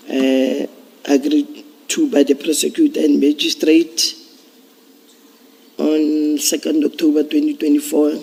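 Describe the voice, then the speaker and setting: A man testifying as a police officer at a commission hearing, explaining procedure in a measured way with some restarts. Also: a little high, mellow, husky. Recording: long reverb of a large hearing room.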